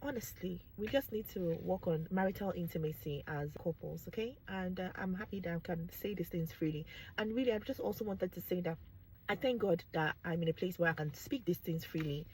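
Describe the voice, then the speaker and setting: A young adult woman with a Nigerian accent, talking candidly to her viewers in an animated way, with exclamations and bits of pidgin. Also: lowish voice, fairly quick, slight background noise, poor audio. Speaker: vlogger. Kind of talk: candid talk to camera.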